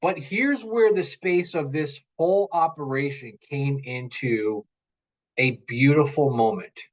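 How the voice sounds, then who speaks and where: A man in his forties, a parent and interview guest, telling stories in an earnest, animated way and often repeating his words. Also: a little high, measured pace, lo-fi sound. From United States. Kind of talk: casual interview chat.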